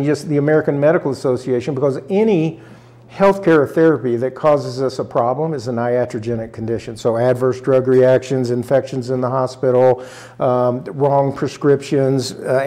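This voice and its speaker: A man's voice: mid-range voice, warm tone. An older man from rural Arkansas sits as an interview guest and tells a personal family story. He speaks earnestly and emotionally, and his voice catches as he goes. He acts out what his relatives said along the way.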